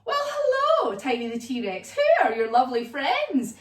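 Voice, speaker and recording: A woman's voice: high-pitched, wildly swooping pitch, a little slow, full character voice. A woman voicing a proud, friendly male crocodile who shows off his big teeth. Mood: cheery boastful. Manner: cheery, boastful. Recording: echoey room, voice from far off.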